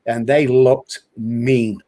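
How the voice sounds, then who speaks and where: A man hosting a recovery talk, telling stories in a lively way and acting out the voices of the people he quotes. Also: medium pitch, drawn-out words. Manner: lively storyteller who acts out quoted voices. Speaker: host and recovery speaker. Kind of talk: storytelling in casual conversation.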